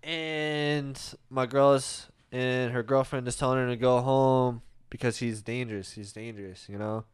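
A man's voice: medium pitch, unhurried, hardly any pauses, clear, resonant tone. A man casually telling a profane street-fight story, acting out the people he quotes. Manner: profane, animated storyteller who acts out quotes.

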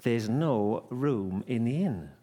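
A man voicing a sullen boy playing an innkeeper in a nativity, giving flat, curt refusals. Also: mid-range voice, slow. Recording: long church reverb.

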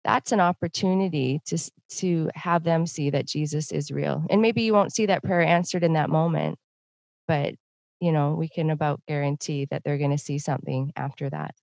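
Woman, podcast host, low voice, dry close sound, chatty, laughs a lot. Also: normal speed, vocal fry, no room sound. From Canada. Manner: warm and chatty, laughs often. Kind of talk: casual interview chat.

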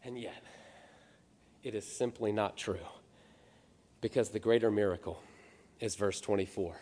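A man preaching a sermon as pastor, swinging from hushed, slow words to loud, high outbursts. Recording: long reverb of a church hall.

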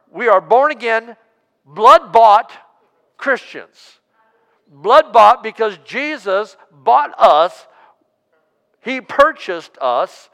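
A man's voice: high voice, a bit bright, clear, resonant tone, big-room sound. A man preaching a sermon as pastor, drawing out key words and asking the congregation to respond aloud. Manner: preaching with call-and-response, drawn-out emphasis. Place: church sanctuary.

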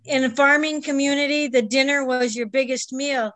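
A woman's voice: high-pitched, fairly even intonation, moderate pace, fairly bright tone, dry recording. A woman from a rural area, answering a question in class in a plain, matter-of-fact way. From rural northeast Ohio. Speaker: class participant.

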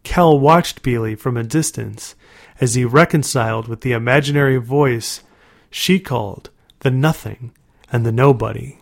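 Man, storybook narrator, measured, dramatic, mid-pitched voice. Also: vocal fry.

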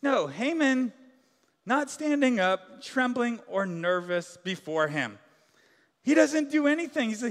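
A man's voice: very high-pitched, expressive, normal speed, fairly bright tone. A man preaching a sermon as pastor in a large church hall, casual and joking, full of filler words.

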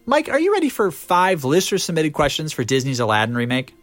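A man's voice: on the high side, fast. A young man hosting a podcast, joking casually through a movie review with lots of fillers. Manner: animated, joking rants with fillers. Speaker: podcast host.

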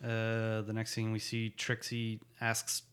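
A man's voice: lowish voice, monotone, takes it slowly, a bit bright, clean tone. A man in casual chat, recapping a TV episode with a co-host, laughing often and slipping into character voices. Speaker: podcast co-host.

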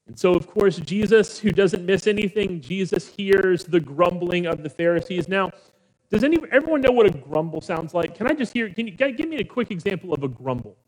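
A man preaching a sermon as pastor, with dramatic pauses, hushed low passages and rousing calls to the congregation. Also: animated. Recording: long hall reverb.

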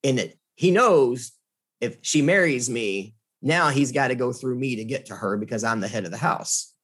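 A man with a husky, slightly breathy voice recounts a personal story to a host. His telling is animated and earnest, and his pitch sits in an ordinary middle range. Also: normal speed. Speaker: guest. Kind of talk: casual storytelling in conversation.

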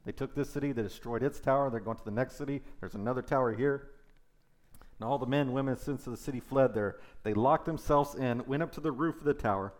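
A man's voice: medium pitch, fast. A man preaching a sermon, reading scripture aloud and breaking in with casual conversational asides.

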